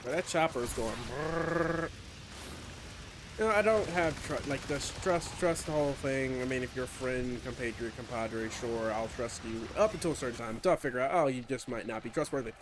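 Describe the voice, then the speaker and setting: A man with a mid-range voice chats at a moderate pace while streaming a video game, with steady background noise in the recording. His casual talk rambles and is profane and self-deprecating as he plays.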